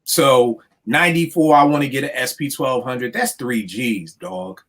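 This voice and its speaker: A man in his forties, a podcast host, ranting in animated, profane casual chat. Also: mid-range voice, a little slow. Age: 40s.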